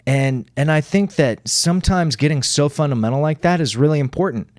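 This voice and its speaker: A man's voice: a little high, brisk, no echo, clean studio sound. A man co-hosting a podcast in casual chat, earnest and reflective, swearing freely and tagging his points with "right?". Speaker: podcast co-host.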